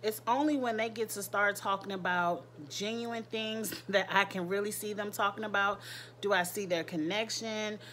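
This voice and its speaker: A woman's voice: mid-range voice, fairly even intonation, moderate pace, fairly bright tone, a little hiss or hum. A woman giving a casual, candid recap of a reality show, speaking in with crude slang and laughing asides.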